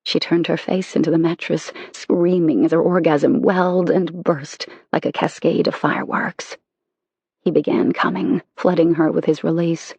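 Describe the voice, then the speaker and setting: An audiobook narrator reading a romance novel in an intimate, measured way. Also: medium pitch, flat delivery, creaky, a little mellow, breathy edge, no echo.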